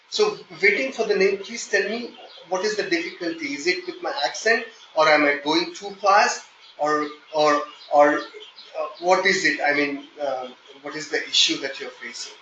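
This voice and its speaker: A man with an Indian accent teaching a live online software testing class, explaining step by step and checking in with "okay?". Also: a little high, reverberant, dull audio, slight background noise. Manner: explanatory, repeats "okay?" often, hesitant fillers when flustered. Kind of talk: live online training session.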